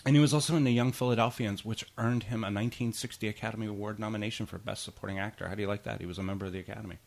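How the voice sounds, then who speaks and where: A man's voice: lowish voice, steady tone, very fast, vocal fry. A man co-hosting a podcast in casual chat, rambling through film trivia with many restarts. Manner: chatty, rambling, tosses in goofy impressions. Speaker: podcast co-host.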